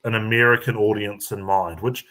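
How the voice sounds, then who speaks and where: A man with a New Zealand accent chatting casually, halting with many fillers and restarts. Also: lowish voice, fairly even intonation, pushed and bright. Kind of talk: casual chat.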